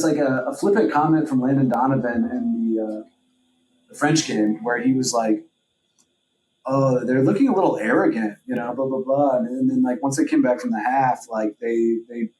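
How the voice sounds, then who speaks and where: A man holds forth on a casual podcast, rambling with lots of filler words and plenty of profanity. His voice sits at a middling pitch. The room around him is noticeably echoey. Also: steady tone, moderate pace, warm tone, a little hiss or hum. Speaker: podcast co-host. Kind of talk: casual chat.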